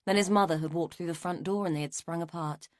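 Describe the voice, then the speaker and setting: A woman's fairly low voice carries a scripted mystery audiobook narration, delivered evenly and with measured pacing. The recording is dry and of studio quality.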